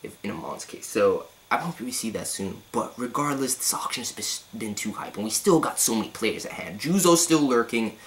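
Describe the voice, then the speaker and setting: A man giving a casual, excitable manga chapter review, full of slang and swearing, swinging between loud outbursts and hushed asides. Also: on the low side, normal speed, few pauses, low-quality recording.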